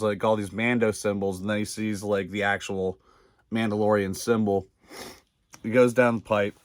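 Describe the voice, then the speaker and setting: Man, low voice, casual profane recap, rambling with fillers, dry close sound. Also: no room sound. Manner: rambling, profane, filler-heavy, laughs often. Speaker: video reviewer.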